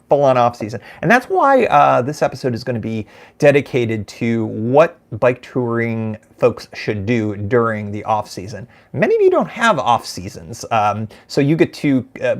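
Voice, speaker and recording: A middle-aged American man hosts a live show from a room at home. He rambles through casual chat, full of fillers, restarts and self-deprecating asides. His voice sits in an ordinary middle pitch. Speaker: podcast host.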